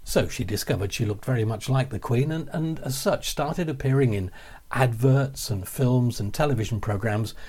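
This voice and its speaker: An older man from England telling a radio anecdote, animated and slipping into other people's voices. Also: mid-range voice, moderate pace, slightly rough. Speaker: radio storyteller. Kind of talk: anecdotal storytelling.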